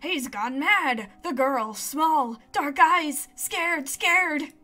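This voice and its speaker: Woman voicing a twitchy game bird: shrill, bright, squawks short repeated phrases. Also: very slow, soft background music, exaggerated voice. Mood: frantic. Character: suspicious squawking talking bird, frantic.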